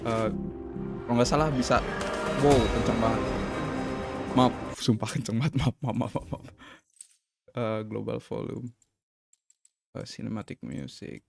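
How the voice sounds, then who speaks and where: A man's voice: on the low side, steady tone, normal speed, gravelly, long pauses. A man giving casual, hesitant gameplay commentary with frequent fillers and laughing asides. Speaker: gameplay streamer. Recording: game music playing loudly.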